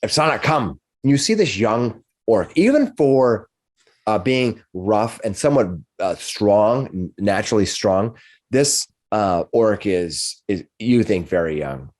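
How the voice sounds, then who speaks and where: A man with a somewhat low voice runs a tabletop game, describing the scene. He narrates in a halting way, often repeating words before moving on. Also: expressive, darkish tone. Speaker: game master.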